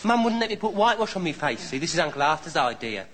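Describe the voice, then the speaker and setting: A man's voice: on the high side, very animated, fast, crowd noise. An actor playing a cheeky young male wartime home guard private with a regional English accent, in an old sitcom clip.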